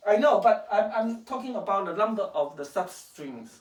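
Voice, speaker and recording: A woman helps a child learn programming at home, speaking at a moderate pace in an animated, mid-range voice. Patient and inquisitive, she keeps checking for understanding, recorded far from the mic in an echoey room.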